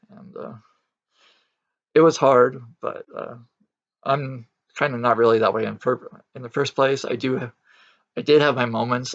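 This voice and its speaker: A man's voice: medium pitch, gravelly, fairly bright tone. A man talking in a casual, reflective vlog, rambling with many fillers and restarts and speaking bluntly. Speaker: Christian vlogger. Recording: dull lo-fi recording.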